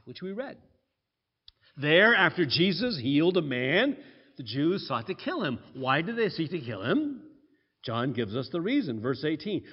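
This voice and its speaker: A man preaching a sermon, emphatic and climbing to loud peaks on key points. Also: sits high. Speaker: pastor. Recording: muffled sound with long hall reverb.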